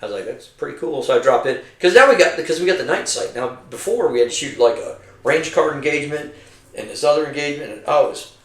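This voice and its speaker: A middle-aged man, a retired army veteran, spins rambling, profanity-laced war stories. He imitates the men he served with as he tells them. His voice sits at an ordinary pitch, and it sounds roomy and a bit distant from the microphone. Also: quick pace. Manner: profane, animated storyteller acting out his comrades' voices. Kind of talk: casual storytelling over drinks.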